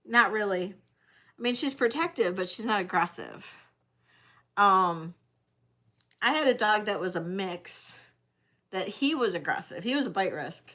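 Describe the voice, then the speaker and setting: A woman's voice: mid-range voice, expressive, measured pace, long pauses, bright, forceful tone. A woman hosting a live-stream vintage jewelry sale, chatting directly with her viewers. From Detroit area, United States. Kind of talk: live-stream auction chat.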